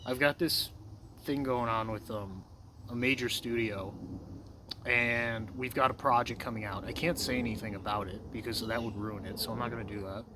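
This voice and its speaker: Speaking to camera, a self-assured male vlogger rambles through a loose, profane monologue, constantly calling the listener "bro" and "dude," wandering off topic and trailing off mid-thought. His mid-range voice keeps a fairly even intonation at normal speed, with background noise audible.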